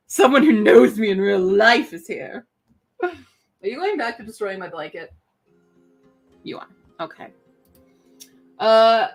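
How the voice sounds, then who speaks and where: A woman's voice: mid-range voice, animated, unhurried, long pauses, fairly bright tone, soft background music. A woman hosting a casual writing-sprint livestream from home, chatting playfully and talking to her pet bird. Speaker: writing sprint stream host.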